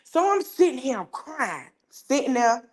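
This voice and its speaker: A woman podcast host, telling a personal story in a casual, animated way that jumps high when she gets worked up. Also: a little slow.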